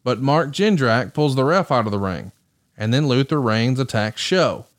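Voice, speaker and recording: A man hosting a podcast, briskly recapping match results and then asking his co-host questions. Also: medium pitch, lively intonation, no echo. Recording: dry close mic.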